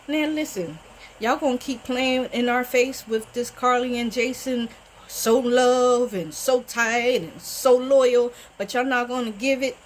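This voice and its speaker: A woman in a relaxed recap chat whose fairly high voice keeps bouncing as she scolds the characters and jokes to her viewers. Her talk is lively and opinionated. A faint hiss sits under her voice. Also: measured pace, rough recording. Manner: animated, talks back to the characters. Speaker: TV recap vlogger. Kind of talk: casual soap-opera recap.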